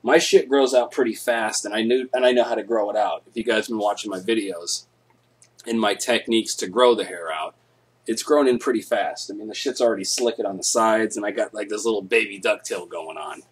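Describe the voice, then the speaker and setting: A young man hosting a live stream, telling stories casually, laid-back, swearing a lot and getting loud when he acts things out. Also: on the low side, brisk, slightly rough.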